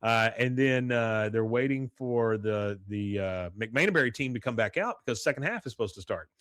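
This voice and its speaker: A man's voice: medium pitch, lively intonation, moderate pace, fairly bright tone, no echo, clean studio sound. A man hosting a podcast, casually recapping a cartoon episode with lots of "uh" and acted-out quotes. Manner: rambling retelling full of "uh" and acted-out quotes. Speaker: podcast host.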